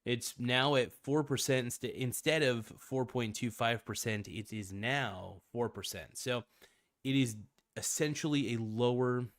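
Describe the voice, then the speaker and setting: A man's voice: mid-range voice, measured pace, dry recording. A man hosting a casual finance livestream, loose and slangy, rambling with frequent restarts. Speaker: livestream host.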